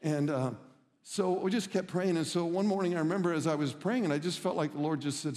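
Middle-aged male pastor, earnest storyteller, slightly high voice, long hall reverb. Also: brisk, darkish tone. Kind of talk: sermon.

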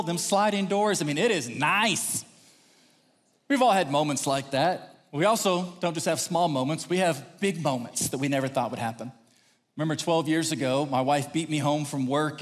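A pastor from Texas preaching a sermon, telling personal stories with lively acted-out quotes. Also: male voice, a little high. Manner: animated, acts out quotes in raised voice. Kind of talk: sermon storytelling. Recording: long hall reverb.

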